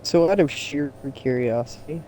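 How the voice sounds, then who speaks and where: A man's voice: a little high, normal speed, a little mellow, a little hiss or hum. A man chatting sarcastically while playing a game with a friend, swearing at the game. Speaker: gaming co-player.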